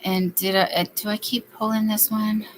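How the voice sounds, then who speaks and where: A chatty woman hosts a relaxed late-night craft stream, reading out viewer comments as she works. Her voice sits in an ordinary middle pitch. A faint hiss of noise stays under her voice. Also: moderate pace, rough recording. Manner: chatty, reads viewer comments aloud, baby-talks to her dog. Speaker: livestream host. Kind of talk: casual chat while crocheting.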